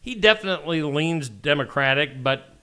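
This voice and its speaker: Lively, bright-voiced male morning host. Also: fairly high pitch, normal speed. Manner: jokey, lively, reads headlines. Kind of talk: casual news chat.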